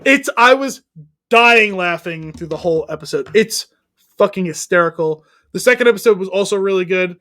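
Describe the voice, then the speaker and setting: A man's voice: high voice, normal speed. A man co-hosting a podcast, casually retelling a comedy scene, acting out the lines and laughing often. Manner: animated storyteller, acts out lines, laughs often. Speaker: podcast co-host.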